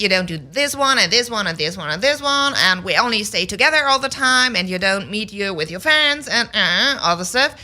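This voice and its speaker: A woman from Germany with a German accent, chatting as a radio guest in halting English with many fillers. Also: medium pitch, pushed and bright. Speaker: talk show guest. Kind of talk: casual chat.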